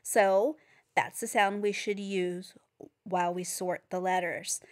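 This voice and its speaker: A woman giving a phonics lesson for teachers and parents, patiently sounding out each letter. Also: mid-range voice. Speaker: reading teacher.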